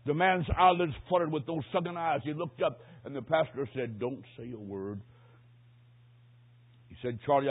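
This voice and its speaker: A man preaching a sermon as he tells a story, swinging dramatically from hushed tones to shouts. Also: on the high side, husky. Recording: tinny phone-line sound.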